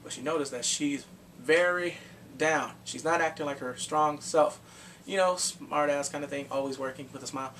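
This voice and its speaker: A man with a fairly high voice retells a movie's plot in a loose, rambling, excitable way, dropping blunt crude slang as he goes. He sits back from the microphone. A faint background noise runs under his talk. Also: moderate pace, recorded from a distance. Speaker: movie reviewer. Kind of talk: casual spoken movie recap.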